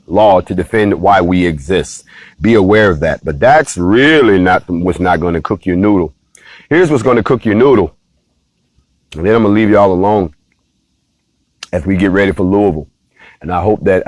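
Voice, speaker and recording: A man hosting a casual, animated monologue, playfully talking straight to his viewers. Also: low-pitched, dry recording. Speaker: host of a talk stream.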